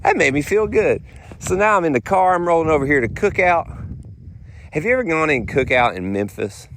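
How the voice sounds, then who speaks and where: A man, hosting a podcast and telling casual, slangy stories, animated and often mimicking the people he quotes. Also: mid-range voice, a little hiss or hum. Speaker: podcast host. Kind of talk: casual storytelling monologue.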